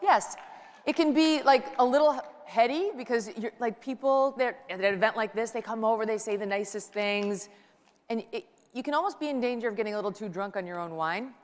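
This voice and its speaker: A woman's voice: on the high side, fairly quick. Chatty woman speaking in a big hall. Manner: chatty, joking, storytelling. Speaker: conference speaker, talk show host. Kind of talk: lively stand-up style speech. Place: large conference hall. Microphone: handheld mic on stage. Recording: long hall reverb.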